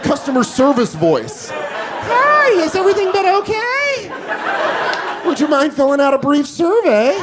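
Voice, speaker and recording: A man doing stand-up comedy on a club stage, telling a crude story and acting out other people's lines. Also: high-pitched. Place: comedy club stage before a laughing crowd. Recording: live club with loud crowd laughter.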